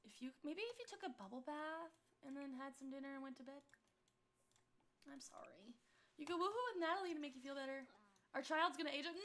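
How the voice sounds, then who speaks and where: A woman's voice: sits high, fairly bright tone. A young woman streaming a life-sim game, chatting casually with viewers and talking to her characters, often giggling. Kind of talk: casual live-stream commentary.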